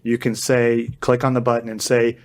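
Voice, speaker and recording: Energetic man explaining on a podcast. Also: mid-range voice, normal speed. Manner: energetic, explanatory, acts out quoted dialogue. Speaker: podcast guest, AI consultant. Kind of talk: podcast interview.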